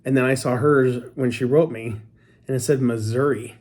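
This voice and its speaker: A talkative man from Canada chatting casually with his wife, quick to joke and poke fun at himself. His voice sits at an ordinary middle pitch, and he rambles from one story to the next. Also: steady tone, darkish tone. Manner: chatty, joking, self-deprecating. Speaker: co-host. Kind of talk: casual couple chat.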